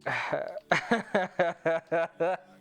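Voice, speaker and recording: A woman's voice: lowish voice, very slow, creaky. A woman streamer reading out a text adventure with laughing, profane, mock-dramatic commentary. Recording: faint music behind.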